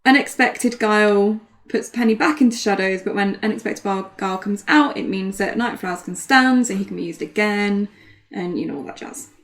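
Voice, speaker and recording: A woman's voice: medium pitch, a little fast. A British woman co-commentating a card game match in casual chat, teasing and laughing often. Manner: giggly, teasing, animated.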